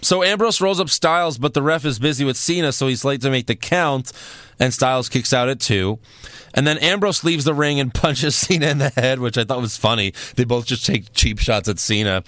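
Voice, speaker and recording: A man's voice: medium pitch, fairly quick, a bit bright, no echo. A man co-hosting a wrestling podcast, recapping shows in casual, sarcastic chat and often laughing.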